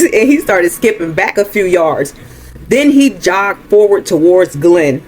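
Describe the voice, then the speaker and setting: A man's voice: high voice, animated, unhurried, faint music behind. A man hosting a movie recap, retelling the story in a casual, chatty way with laughs.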